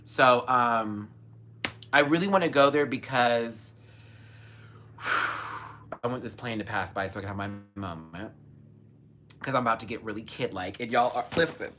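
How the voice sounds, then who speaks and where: A man hosting a casual live stream, gushing and chatty, with sudden high squeals of excitement. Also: measured pace, long pauses, background noise. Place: home, in Los Angeles.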